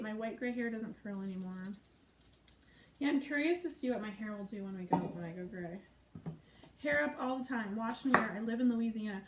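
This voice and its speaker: A woman hosting a live cooking stream, chatting playfully and reading out viewer comments as she cooks. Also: fairly high pitch. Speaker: cooking show host. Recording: echoey room with faint noise.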